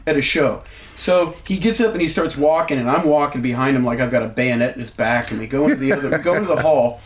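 A man's voice: medium pitch, fast talker. A man telling a story in casual chat, swearing freely and acting out the people he quotes. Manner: profane, animated, acts out quoted shouting. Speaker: wrestling show booker.

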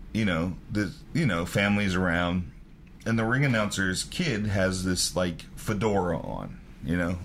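Guy w a really low voice, cussing and chuckling thru wrestling stories, faint room hum. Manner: profane, laughing, animated storyteller. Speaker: wrestling promoter, podcast co-host. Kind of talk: casual storytelling chat.

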